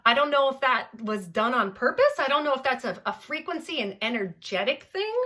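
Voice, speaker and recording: A young adult woman from Southern California, a voice teacher speaking in an animated, playful way in a podcast interview. Her voice is bright and forward and sits a little high. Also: brisk. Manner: animated, playful, demonstrates with gibberish singing sounds. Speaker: voice teacher, guest.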